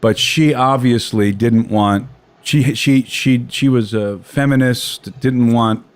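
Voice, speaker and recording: A man's voice: mid-range voice, slow, no echo. An American man with a mid-range voice tells a personal story in a loose, conversational way. He circles back on himself often, restarting and repeating words as he goes. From United States. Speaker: guest telling a story.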